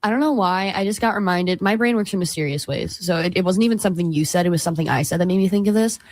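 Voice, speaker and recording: Young woman radio cohost rambling, kinda low voice, dry studio sound. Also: very fast, no room sound. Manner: rambling, animated, lots of fillers. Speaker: radio show co-host. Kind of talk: casual chat.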